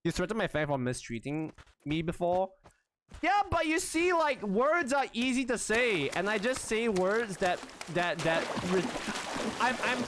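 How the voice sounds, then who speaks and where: A young man livestreaming in a casual, rambling chat, excitable, often laughing and squealing, with lots of restarts. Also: sits high, a little hiss or hum. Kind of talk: casual live-stream chat.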